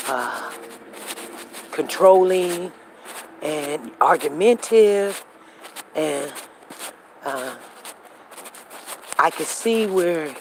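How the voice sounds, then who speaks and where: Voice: mid-range voice, slight background noise, rough recording. A show host telling a personal story in a casual, rambling way and acting out conversations. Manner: rambling with frequent restarts. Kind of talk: casual talk monologue.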